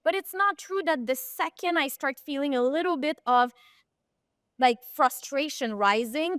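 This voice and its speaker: Bright-voiced woman telling coaching stories. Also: sits high, no echo, studio quality. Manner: animated storytelling, searches for words. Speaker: podcast guest, performance coach. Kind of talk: casual podcast interview.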